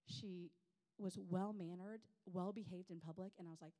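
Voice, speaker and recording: A woman, telling personal stories in an animated, self-deprecating way to a women's gathering. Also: on the low side, normal speed. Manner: animated, self-deprecating, chatty with many fillers. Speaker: women's ministry speaker. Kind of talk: personal storytelling talk.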